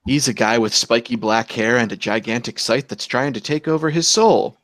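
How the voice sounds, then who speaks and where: A man hosting a casual podcast chat, telling anecdotes in an animated way, swearing casually and jumping up in pitch on punchlines. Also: normal speed, dry recording. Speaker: podcast host.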